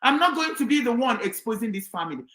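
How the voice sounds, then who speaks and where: Woman commentator, impassioned and preachy, high voice, echoey room. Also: very animated, quick pace, fairly bright tone. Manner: fiery, defiant, preaching, repeats herself. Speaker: political commentator. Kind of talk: impassioned monologue.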